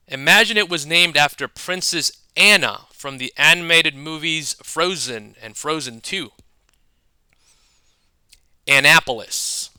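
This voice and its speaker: Slow, bright-voiced man explaining. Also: a little high, clear, resonant tone, no room sound. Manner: measured, with wordplay asides. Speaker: educator. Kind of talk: scripted explanatory narration.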